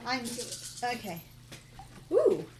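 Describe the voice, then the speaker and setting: A woman's voice: on the high side, wildly swooping pitch, slow pace, a little mellow, slight background noise. A woman co-hosting a tabletop game podcast as a player, chatting casually and laughing often. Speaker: player and co-host.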